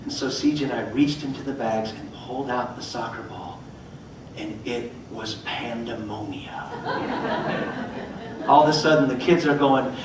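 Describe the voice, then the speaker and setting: Motivational speaker, man, middle-aged, lively storyteller doing voices; roomy hall sound, faint hum behind. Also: medium pitch, moderate pace. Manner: animated, acts out voices in his stories. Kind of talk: storytelling talk. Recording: echoey hall, mic from far off.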